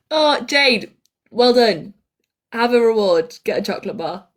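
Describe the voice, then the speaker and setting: A woman's voice: fairly high pitch, big pitch swings, slow pace. A young woman co-hosting a live podcast stream, reading out listener comments in a giggly, easily amused way. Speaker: podcast co-host. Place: indoors at a shared table.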